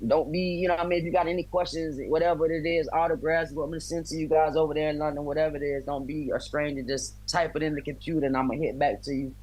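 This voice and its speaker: A man's voice: a little high, little pitch movement, fast talker, hardly any pauses, darkish tone, rough recording. A man, a bare-knuckle fighter from the US, chatting as a guest on a video call, friendly and talkative, with loose slang. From United States. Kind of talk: casual interview chat.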